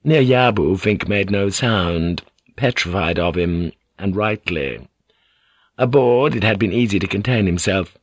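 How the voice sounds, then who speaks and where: A man reading an audiobook aloud in a measured, dramatic storytelling manner, recorded in a studio. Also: on the low side, no room sound. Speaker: audiobook narrator. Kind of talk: scripted audiobook narration.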